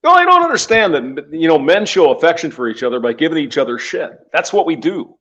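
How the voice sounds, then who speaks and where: Lively, laughing man in crude banter. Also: on the high side, a little fast, highs cut off. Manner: laughs a lot, teasing, lively.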